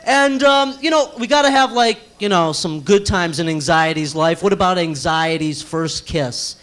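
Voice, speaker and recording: A young man works a small cafe crowd with a nervous, animated stand-up set. His voice sits very high, and he drops into quick sung bits between jokes. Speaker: stand-up comedian. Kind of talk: stand-up comedy routine. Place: small cafe stage with a live audience.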